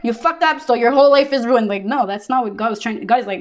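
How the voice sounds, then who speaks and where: A woman's voice: medium pitch, steady tone, fast talker, few pauses. A woman giving a casual tarot reading, talking bluntly with lots of fillers and swearing. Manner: blunt, profane, full of fillers. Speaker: tarot reader.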